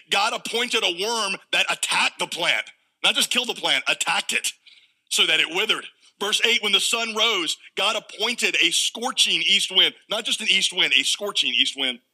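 A pastor preaching with lively humor, slipping into the voices of the people in his story. His voice sits high for a man, with a very bright, sharp tone. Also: low-quality recording. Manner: animated preaching, acting out biblical voices with humor. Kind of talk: sermon.

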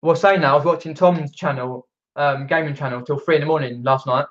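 A man's voice: on the high side, a little fast, muffled recording. A British man chatting casually on a home live stream, reading out viewer comments and rambling with many fillers and restarts. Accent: British English. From Britain. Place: indoors at home, downstairs. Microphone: camera mic.

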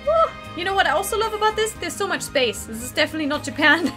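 Bubbly high-voiced woman streamer. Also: fast talker, few pauses. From Germany. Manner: excitable, gushing, reads game dialogue aloud. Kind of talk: live-streamed game commentary. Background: game music.

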